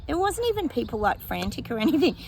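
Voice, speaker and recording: A woman's voice: sits high, big pitch swings, fast, creaky, darkish tone, slight background noise. A woman psychic talking casually to her viewers, rambling and thinking aloud with lots of fillers and frequent laughs. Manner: laughs often. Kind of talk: casual predictions monologue to viewers.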